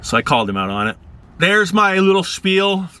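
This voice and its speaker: Laid-back male vlogger rambling through anecdotes, bright tone. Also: sing-song, moderate pace, a little hiss or hum. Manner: rambling, laid-back, acts out quoted people in higher voices. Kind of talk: casual storytelling.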